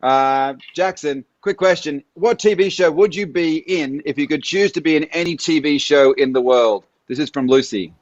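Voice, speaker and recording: A man hosting a live stream chat, animated and reading out viewer questions. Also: fairly high pitch, moderate pace, few pauses, no echo, lo-fi sound. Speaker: host.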